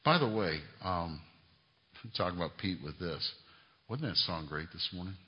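A middle-aged pastor preaches in a church sanctuary, his fairly low voice ringing with long reverb. He climbs to emphatic raised peaks, then falls back to quiet asides. The recording is dull and lo-fi. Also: lively intonation, normal speed. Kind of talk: sermon. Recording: reverberant hall, lo-fi sound.

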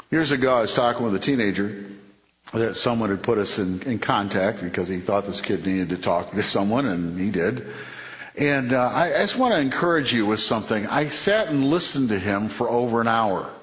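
A man preaching a sermon in an earnest way, repeating phrases and acting out conversations, heard in a church hall. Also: on the high side. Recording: muffled sound in a long-echo hall.

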